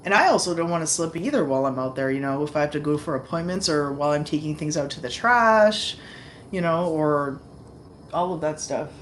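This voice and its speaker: A woman's voice: low-pitched, animated, brisk, a little hiss or hum. A woman hosting a casual livestream from her home, rambling chattily with lots of fillers. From Canada. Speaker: channel host. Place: home, indoors.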